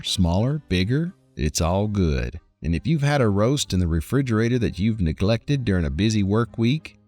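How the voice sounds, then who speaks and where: A man's voice: sits low, a little mellow. A man from Louisiana with a Southern accent, hosting a cooking lesson in a folksy, playful way and asking the viewer questions. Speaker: cooking show host. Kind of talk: cooking instruction voice-over.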